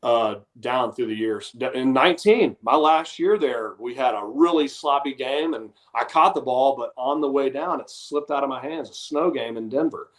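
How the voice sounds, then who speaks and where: Male guest, middle pitch, explaining plainly and owning his mistakes. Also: normal speed, hardly any pauses. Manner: explanatory, self-deprecating. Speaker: guest, former punter. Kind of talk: casual sports chat.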